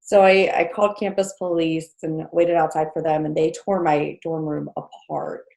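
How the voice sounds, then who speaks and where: A woman's voice: low-pitched, level tone, moderate pace, gravelly, darkish tone. A woman in her thirties from New Jersey, a podcast guest telling a personal story in a chatty way with many fillers and small laughs. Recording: echoey room.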